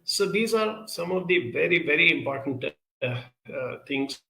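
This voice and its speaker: Man, advice talk, earnest and measured, gravelly voice, echoey room. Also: fairly high pitch, animated, pushed and bright. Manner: measured, earnest, builds lists with many pauses and fillers. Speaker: speaker answering audience questions. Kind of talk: advisory talk on relationships and emotions.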